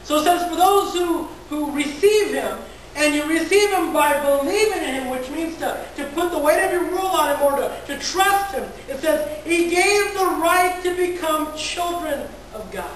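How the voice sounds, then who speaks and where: A woman pastor delivers a conversational sermon, often repeating words and putting questions to the congregation. Her voice is high-pitched and animated at normal speed with a little hiss or hum, recorded from far off in a large, very echoey church hall.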